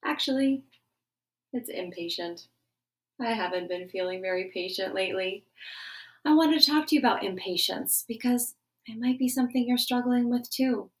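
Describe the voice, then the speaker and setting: A middle-aged woman giving a gentle morning lesson to schoolchildren, coaxing them through a breathing exercise. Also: a little high, moderate pace. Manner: warm, coaxing teacher voice, guiding breathing. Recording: voice a bit distant from the mic.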